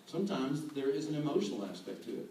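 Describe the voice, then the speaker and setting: A man's voice: on the high side, quick pace. Man preaching in an echoey hall. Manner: animated, acts out quoted voices, chuckles. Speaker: guest speaker. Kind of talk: sermon. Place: church hall. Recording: echoey hall, distant mic, faint room noise.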